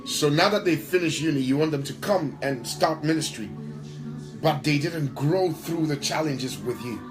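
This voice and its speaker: A man's voice: fairly high pitch, normal speed, over music, poor audio. Emphatic man with a raised voice. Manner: emphatic, repeats phrases for stress. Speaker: worship leader and pastor. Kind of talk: interview answer, preacher-like talk.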